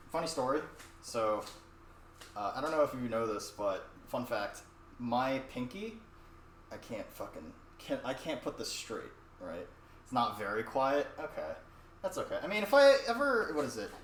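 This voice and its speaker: Rambling, profane young man off-mic. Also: mid-range voice. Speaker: streamer. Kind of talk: casual cooking stream chat. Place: home kitchen. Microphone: distant mic. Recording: echoey room, distant mic, faint noise.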